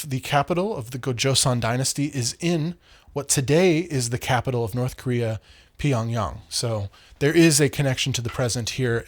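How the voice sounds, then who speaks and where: A man's voice: mid-range voice, no room sound, studio quality. A man giving a casual, conversational history lecture, repeating points for emphasis.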